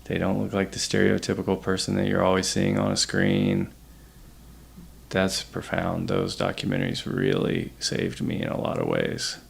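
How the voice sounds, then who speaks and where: A man talking casually as a podcast guest, reflective and halting, restarting his sentences often. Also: sits low, gravelly, husky. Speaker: podcast guest, host's partner. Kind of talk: casual conversation.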